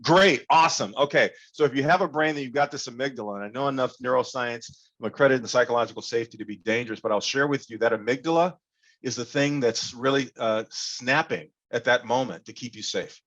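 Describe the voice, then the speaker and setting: A man giving an animated, interactive workshop talk over a video call, leading the audience in call-and-response. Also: medium pitch, fast talker, muffled recording. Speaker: workshop speaker.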